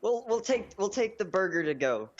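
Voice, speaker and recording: A man's voice: sits high, very animated, normal speed, crowd noise. A man playing a tabletop game, complaining in a whiny way and swearing often. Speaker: player. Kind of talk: casual chat during a tabletop game. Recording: dull lo-fi mic with faint hiss.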